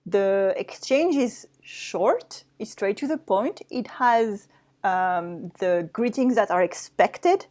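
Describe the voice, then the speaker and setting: A woman's voice: medium pitch, expressive, takes it slowly, a little mellow. A French woman with a French accent, teaching a language lesson step by step. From France. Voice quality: explaining step by step, with restarts.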